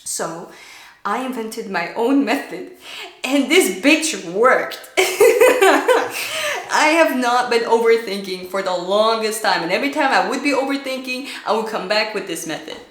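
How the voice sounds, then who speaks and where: A woman streamer talks through her advice in a loose storytime, blunt and full of swearing. Her voice sits a little high, and the room around her rings with echo. She keeps breaking into mock shouts aimed at her own thoughts. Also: very animated, a little slow. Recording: echoey room.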